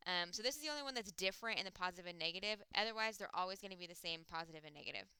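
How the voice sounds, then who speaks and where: A woman teaching a recorded Spanish grammar lesson, explaining step by step and slowing down to spell out example words. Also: fairly low pitch, animated, sharp tone, smooth, no room sound.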